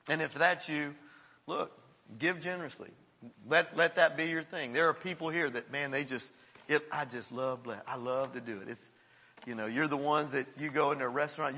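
Bright-voiced male pastor preaching in a hall. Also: fairly high pitch, husky. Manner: earnest, encouraging, laughs often while preaching. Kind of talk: sermon. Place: church service before a congregation. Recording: long hall reverb.

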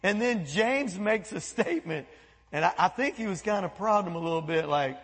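A man preaching a sermon as pastor, animated, breaking into quoted voices and asides. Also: high-pitched, moderate pace, slightly rough, big-room sound. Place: church sanctuary.

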